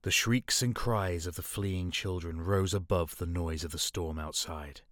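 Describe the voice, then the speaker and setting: A man narrating audiobooks in an expressive, dramatic way. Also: low-pitched, a little slow, no room sound, studio quality. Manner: expressive, dramatic, shifts voice for characters.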